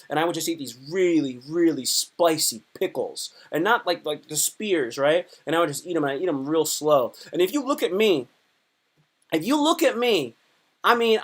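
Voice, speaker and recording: A man doing a casual comedy live stream, talking in a rambling, crude, joking way. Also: on the high side.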